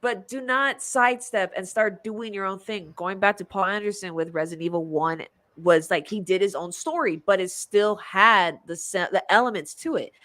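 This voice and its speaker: Animated, laughing woman podcast host. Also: mid-range voice, moderate pace, few pauses. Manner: animated, laughs often, acts out quotes. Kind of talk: casual chat.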